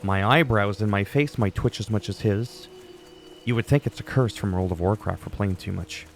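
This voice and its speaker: A man with a fairly low voice, talks through his gameplay in a loose, opinionated rant. He swears freely and wanders between tangents. Faint game music sits quietly behind him. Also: moderate pace. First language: French. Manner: ranty, profane, opinionated. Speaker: gaming YouTuber. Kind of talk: casual gameplay commentary.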